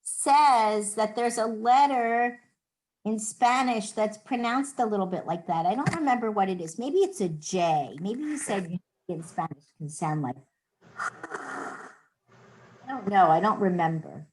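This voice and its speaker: Middle-aged American woman, slow and patient teacher, demonstrates sounds. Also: mid-range voice, expressive, darkish tone, a little hiss or hum, poor audio. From United States. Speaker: Hebrew teacher. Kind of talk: online class lesson.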